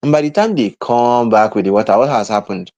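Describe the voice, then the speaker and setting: A man's voice: fairly low pitch, a little fast, darkish tone. A man giving a motivational online lesson as a mentor, repeating points and talking to viewers in the chat. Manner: emphatic, repetitive, addresses the chat. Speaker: mentor and coach.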